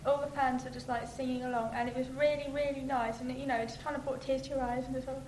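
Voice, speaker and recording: A woman's voice: high voice, flat delivery, quick pace, darkish tone. A young woman eagerly telling a story in a casual chat, giggling now and then. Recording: roomy with faint noise.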